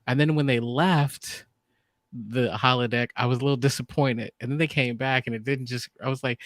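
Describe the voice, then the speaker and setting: A man's voice: mid-range voice, steady tone, normal speed, a bit bright, dry recording, clean studio sound. A man co-hosting a podcast in casual review chat, rambling and acting out his own reactions. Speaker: podcast co-host.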